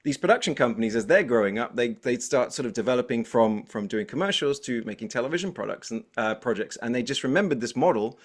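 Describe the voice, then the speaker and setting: Chatty, energetic English man. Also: medium pitch, fast, hardly any pauses. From England. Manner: energetic, talkative, animated storyteller. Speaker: guest. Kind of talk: casual interview chat.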